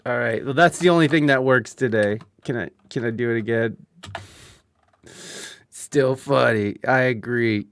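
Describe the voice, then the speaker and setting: The man's voice is medium-pitched, a bit bright, and a little slow. Over a video call mic he hosts a live-streamed podcast, rambling casually, complaining about technical issues, cursing, and leaning on many fillers.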